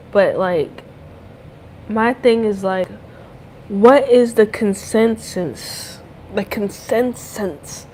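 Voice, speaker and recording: A woman's voice: mid-range voice, mellow, slight background noise. Profane, rambling young woman podcaster. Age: young adult. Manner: loose, profane, rambling slang. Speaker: podcast host. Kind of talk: casual chat.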